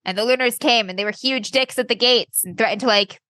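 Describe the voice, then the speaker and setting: A woman's voice: a little high, brisk, pushed and bright, no room sound. A woman casually recapping a tabletop game session, laughing and swearing as she goes. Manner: laughing, swearing, loose and joking. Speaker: player and co-host.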